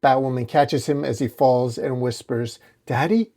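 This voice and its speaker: Comic channel host guy reading out a story, steady, middle pitch. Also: normal speed. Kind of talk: dramatic comic recap narration.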